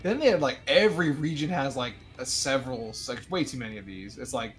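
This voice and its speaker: A man co-hosting a game playthrough, talking in an animated, teasing, ranting way. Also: mid-range voice, a little fast, hardly any pauses, soft background music. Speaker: co-host player. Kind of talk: casual gameplay chat.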